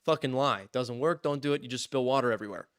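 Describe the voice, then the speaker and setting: A young man casually telling a funny story on a podcast, lively, acting out what others said and laughing often. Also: medium pitch, fast, clean tone, dry recording, clean studio sound. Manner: animated, acts out quotes in voices, laughs often. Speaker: podcast co-host.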